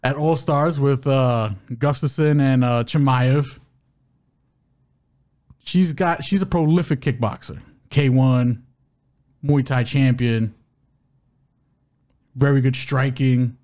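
A man's voice: mid-range voice, steady tone, slow, pauses often, a little mellow. Joking man previewing fights. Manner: loose, joking, trips over names. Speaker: co-host of a fight-betting podcast. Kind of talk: casual podcast chat, fight preview.

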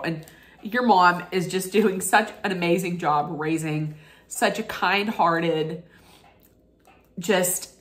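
A woman's voice: lowish voice, a bit bright. A woman filming a casual unboxing vlog, gushing and sentimental, rambling with restarts while she gets teary. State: tearful. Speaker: vlogger.

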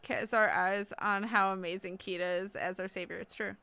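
A young woman from Illinois chatting casually while playing a game, giggly and excitable. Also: medium pitch, normal speed, no room sound. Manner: giggly, excitable, exclaims during play. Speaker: streamer. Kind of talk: casual gaming chat.

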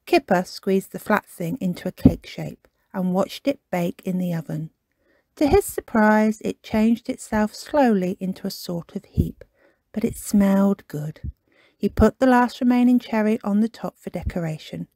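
A woman reading a children's picture book aloud in an expressive, animated way as a storytime host. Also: medium pitch, unhurried, vocal fry, no echo. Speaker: storytime reader.

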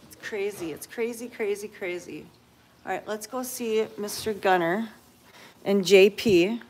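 A woman touring a cat sanctuary in a casual vlog, cooing to the cats in high baby talk and sometimes whispering. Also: measured pace, a little mellow, slight background noise.

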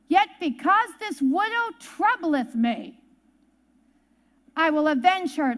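Very high-voiced woman preaching. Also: fairly bright tone. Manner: emphatic, folksy storytelling, repeats key words. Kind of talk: sermon. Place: church service.

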